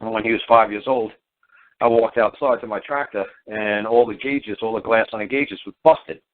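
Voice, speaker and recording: A middle-aged man with a lowish voice talks at a moderate pace, a guest on a talk radio show telling casual stories. He rambles, repeats himself, and swears bluntly and freely, all over a tinny phone line.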